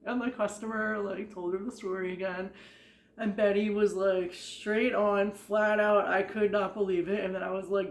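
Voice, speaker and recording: A woman's voice: mid-range voice, fairly even intonation, normal speed. Woman, vlogger, casual storytelling, rambling and chatty, lots of "like", laughs often, echoey room. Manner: chatty, rambling, heavy use of "like", frequent laughter. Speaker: vlogger recounting retail work stories.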